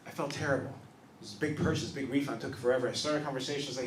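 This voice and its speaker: A man in his thirties doing a stand-up set on a small club stage, telling confessional stories that swing from soft asides to loud punchlines. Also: medium pitch, fairly even intonation, rapid-fire, slight background noise. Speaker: stand-up comedian. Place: small improv club stage, live audience. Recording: roomy club sound from a distance.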